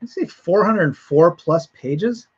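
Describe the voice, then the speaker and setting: A man hosting a casual livestream, chatty and relaxed, laughing often. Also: high-pitched, slow pace, breathy edge. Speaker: livestream host. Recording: dull lo-fi stream audio.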